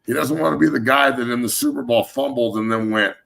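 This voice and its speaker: A man in his thirties hosting a sports talk show, ranting in a heated, profane way with loud, emphatic swings. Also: mid-range voice, fast talker, gravelly. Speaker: show host, former NFL lineman.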